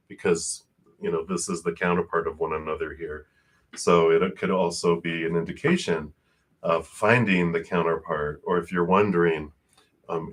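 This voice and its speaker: A man giving live tarot card readings to viewers, talking quickly and warmly about spirit and energy, often laughing and calling himself out of breath. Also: low-pitched.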